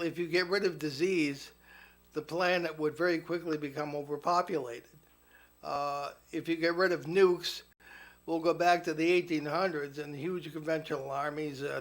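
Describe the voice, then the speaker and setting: A man's voice: on the high side, a bit bright. A man hosting a radio interview, asking thoughtful, probing questions with hesitant fillers. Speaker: radio host.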